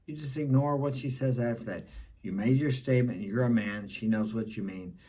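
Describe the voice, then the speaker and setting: Middle-aged male vlogger, mellow husky voice, blunt and instructive. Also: medium pitch, moderate pace. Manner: blunt, instructive, repeats key points. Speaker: dating advice vlogger. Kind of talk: casual advice monologue.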